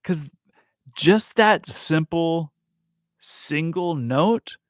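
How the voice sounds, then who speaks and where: A man giving a casual live music lesson, chatty and self-amused, counting rhythms out loud as he works through a transcription. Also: on the high side, animated, extremely slow, dry recording, clean studio sound. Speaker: music teacher transcribing a piano piece for bass.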